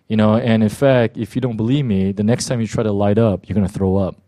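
A man's voice: on the low side, steady tone, quick pace, hardly any pauses, dark tone, no echo. An older man, a pastor, telling a story casually to his congregation before handing over the pulpit. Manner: casual storytelling with many fillers. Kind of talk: church announcement.

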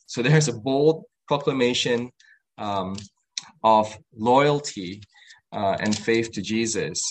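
A man preaching a sermon in an earnest voice, stopping to restart his phrases and acting out the quoted lines with a lifted voice. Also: rough recording. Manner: earnest, acts out quoted lines with rising pitch; halting with restarts and fillers.

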